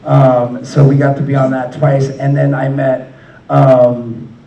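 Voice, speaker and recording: A man's voice: mid-range voice, flat delivery, slow pace, creaky, warm tone, highs cut off. A man telling loose, profane stories as a guest on a convention panel, laughing often. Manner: rambling, profane, laughing storyteller. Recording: echoey hall, mic from far off.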